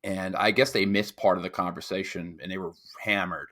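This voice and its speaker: A young man from New York rambles through a story for a podcast, stopping to mimic others in loud outbursts. His voice sits fairly low, and he swears freely in a loose, casual chat. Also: steady tone, fairly quick. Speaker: podcast co-host.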